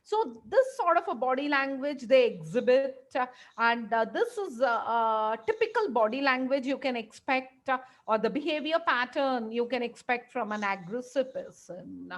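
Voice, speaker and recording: A woman's voice: high voice, animated, moderate pace. A woman lecturing a class, explaining with frequent fillers and acting out examples as she goes.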